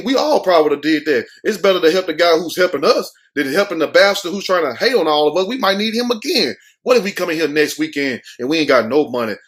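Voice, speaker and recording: A young man riffs on a news story for his commentary show, rowdy and mocking, with heavy street slang. He breaks into quoted voices as he goes. His voice sits a touch higher than most men's. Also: a bit bright.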